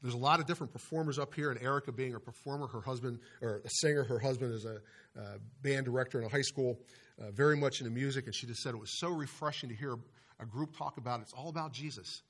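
A man's voice: medium pitch, fairly bright tone. A man preaching a sermon to his church, over a microphone, stressing single words hard and then dropping his voice, with frequent restarts. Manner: preaching with emphatic stresses and pauses, many restarts. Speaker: pastor. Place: church sanctuary. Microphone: microphone over a speaker system.

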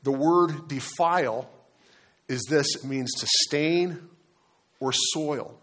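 A man delivering a sermon at an easy, talking pace. He often pauses on fillers and restarts his sentences as he explains a passage. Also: a little high, fairly bright tone. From Delaware, United States. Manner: conversational preaching with fillers and repeated words. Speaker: pastor.

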